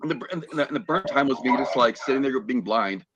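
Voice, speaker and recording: A man's voice: medium pitch, animated, brisk, highs cut off, noisy background. A man telling a rambling story as a guest on a podcast, full of fillers and restarts. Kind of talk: casual chat on a call.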